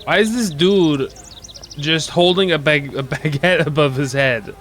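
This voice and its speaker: A man's voice: on the high side, unhurried, a bit bright, soft background music. A man streaming a video game, joking and curious as he comments on what he sees. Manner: joking, curious, often laughing. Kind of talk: gameplay commentary.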